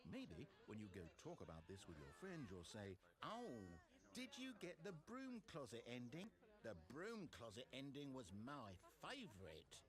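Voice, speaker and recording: Mocking deadpan game narrator, voice jumps all over, crowd chatter in the back. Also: male voice, mid-range voice, unhurried, rough recording. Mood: exasperated. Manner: dry, mocking, exasperated. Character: sardonic condescending male game narrator.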